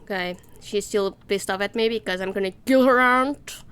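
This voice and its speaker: A woman gamer talking casually over her gameplay, swearing freely and breaking into excited squeals. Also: mid-range voice, moderate pace, clean tone. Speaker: let's play gamer.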